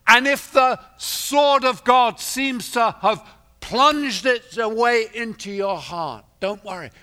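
A man delivers a sermon in a high, bright voice, taking his time over every phrase. He drops to a hush, then climbs to loud, ringing declarations, repeating key lines for emphasis. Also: slow pace, clean tone. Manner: swings from quiet to loud and emphatic. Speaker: preacher.

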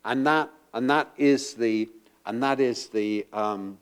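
A man preaching a sermon to a congregation, moving from quiet asides to loud, emphatic rhetorical questions. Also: mid-range voice, slow, smooth. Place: church before a congregation.

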